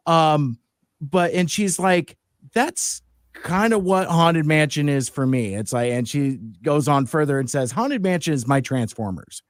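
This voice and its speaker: A man's voice: a little high, measured pace, no echo, clean studio sound. A man hosting a podcast live stream, talking in a loose, rambling way with lots of fillers. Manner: rambling, many fillers and restarts. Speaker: podcast host. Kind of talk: casual live-stream chat.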